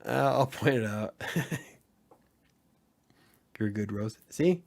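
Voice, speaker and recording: A man's voice: medium pitch, lively intonation, slow pace, vocal fry, a little mellow. A man hosting a casual live-stream podcast, joking around and laughing often as he answers the chat. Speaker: podcast host; editor.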